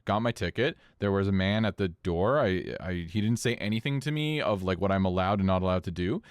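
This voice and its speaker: A man co-hosting a podcast, telling a story in casual chat, animated and swearing freely. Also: fairly quick, smooth, dry recording, clean studio sound. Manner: animated, swings pitch up when incredulous, swears casually. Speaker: podcast co-host.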